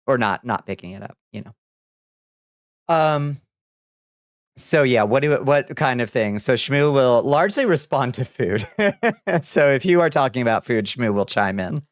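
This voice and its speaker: A man's voice: mid-range voice, lively intonation, a little slow, long pauses, no echo, studio quality. A man streaming live, chatting casually with viewers, laughing often and swearing offhandedly. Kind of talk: casual livestream chat.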